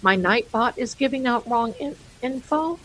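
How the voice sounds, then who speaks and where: A woman's voice: fairly high pitch, animated, normal speed, fairly bright tone, a little hiss or hum, poor audio. A woman hosting a live stream, chatting casually and rambling, amused by her own jokes and calling viewers her darlings. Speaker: livestream host.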